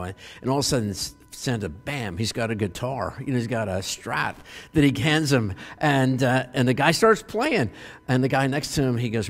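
A man gives a sermon and retells a story in a lively, animated way, often stopping on fillers and restarting his sentences. His voice sits at a middle pitch and rings with the long reverb of a hall. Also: moderate pace. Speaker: pastor.

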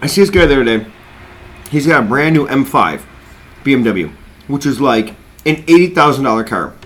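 A man's voice: medium pitch, expressive, fairly quick, fairly bright tone. A man co-hosting a casual podcast, telling workplace stories and quoting people as he goes. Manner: storytelling, quotes others, laughs often. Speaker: podcast co-host. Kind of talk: casual chat.

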